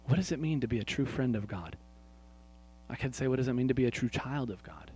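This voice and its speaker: A pastor preaches to his congregation, asking them questions and addressing people by name, moving between quiet, hushed prayer lines and loud, emphatic points. His husky voice is medium-pitched and fast, with lively intonation.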